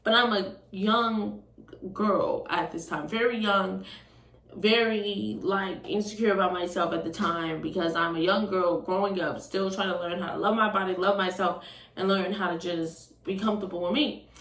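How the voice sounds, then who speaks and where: A young woman in her twenties telling a storytime, casual and animated, swearing often. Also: medium pitch, moderate pace. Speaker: vlogger. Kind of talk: storytime vlog. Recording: roomy, distant from the mic.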